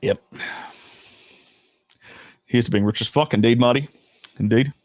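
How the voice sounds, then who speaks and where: A man's voice: mid-range voice, a little slow, dry recording. A man from Australia with an Australian accent, hosting a casual storytime chat. He talks bluntly, swears freely and drops laughing asides. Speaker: storytelling host.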